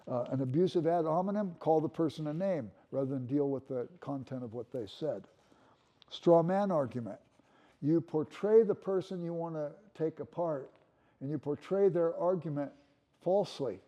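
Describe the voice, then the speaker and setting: Older man, lecturer, deep mellow tone, relaxed rambling classroom delivery. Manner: musing, repeats words as he restarts.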